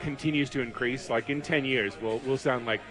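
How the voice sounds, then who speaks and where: A man's voice: mid-range voice, brisk, fairly bright tone. A man in his thirties co-hosting a podcast, chatting casually in a bar, rambling with lots of fillers. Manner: rambling, heavy with fillers and restarts. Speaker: podcast co-host.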